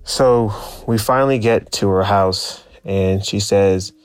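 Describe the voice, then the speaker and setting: A man's voice: on the low side, slow, clear, resonant tone, no room sound, soft background music. A man casually telling a personal story, reflective and searching for his words. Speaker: guest storyteller.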